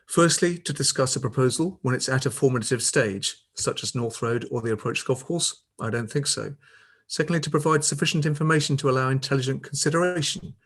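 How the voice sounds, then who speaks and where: Over a video call, a man reads a prepared, critical statement to a council meeting, hitting his points with pointed emphasis. His mid-range voice moves fast with few pauses.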